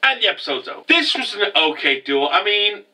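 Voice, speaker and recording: A young man reviews an anime episode in a loose, rambling way, often restarting his sentences. His voice is higher than most men's and very bright and sharp. He sits a little away from the mic. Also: a little fast, distant mic, poor audio. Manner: animated, rambling, many restarts.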